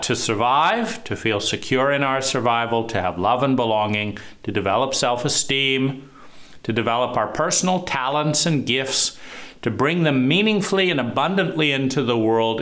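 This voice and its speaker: A man giving a recorded talk on trauma and adult love, emphatic and rhetorical, stressing words with swings in pitch and pace. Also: animated, a little slow, fairly bright tone. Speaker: trauma therapist teaching.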